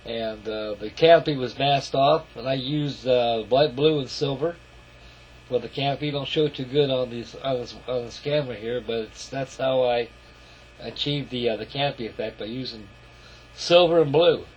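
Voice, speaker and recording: With a husky, mid-range voice at a moderate pace, a man gives a rambling, folksy walk-around of his scale model, addressing viewers as folks. The audio is lo-fi, straight from the camera.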